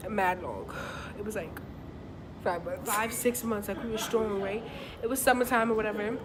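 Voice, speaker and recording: A woman's voice: medium pitch, noisy background. A woman co-hosting a vlog, telling a story casually with loose, profane slang and lots of fillers. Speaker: vlog co-host.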